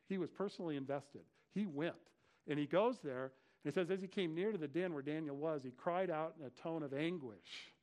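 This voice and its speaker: A male pastor giving a conversational sermon, retelling scripture with lively slang asides. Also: on the high side. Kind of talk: expository sermon.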